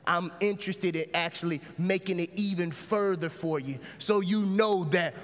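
High-voiced man preaching in a reverberant hall. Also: normal speed. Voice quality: casual, conversational phrasing. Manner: lively preaching with call-and-response and shouts. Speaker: pastor. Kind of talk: sermon.

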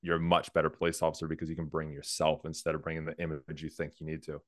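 A man's voice: rumbling low, completely flat delivery, fast talker, no room sound, clean studio sound. A man, a former police officer born in the United States, talking casually in an interview, laughing often and restarting sentences.

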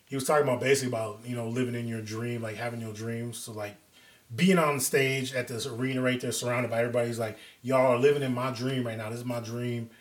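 A man hosting a casual podcast chat, retelling stories in an animated, profane way and laughing often. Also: medium pitch. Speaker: podcast host. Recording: roomy echo.

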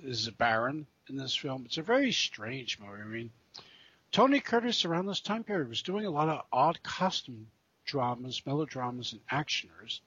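Husky man, halting podcast chat. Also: mid-range voice, big pitch swings, sharp tone, no room sound. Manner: halting, repeats words and restarts often. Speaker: podcast co-host. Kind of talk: casual chat. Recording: dull lo-fi podcast audio.

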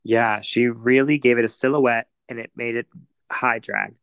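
A man's voice: mid-range voice, steady tone, moderate pace, vocal fry, fairly bright tone, clear, resonant tone. A man appearing as a guest on a podcast, chatting casually and giving short, easygoing replies. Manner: easygoing, brief agreeable replies. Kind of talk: casual chat.

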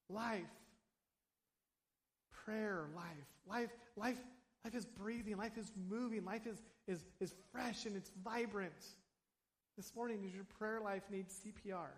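A man pastor giving a sermon in a church, talking in an animated, conversational way with casual asides. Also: sits high, a little slow. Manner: conversational, animated preaching with asides and acted quotes. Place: church sanctuary. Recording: long hall reverb.

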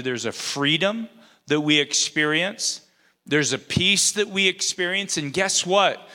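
Bright-voiced preacher in an echoing hall. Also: male voice, on the high side. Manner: conversational, retells scripture in his own words. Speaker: pastor. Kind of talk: sermon.

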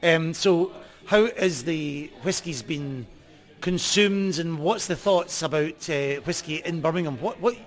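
Scottish male host, slightly high voice, jokey, stumbling interview questions. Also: a little slow. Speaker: whisky show host on location. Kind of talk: on-location interview.

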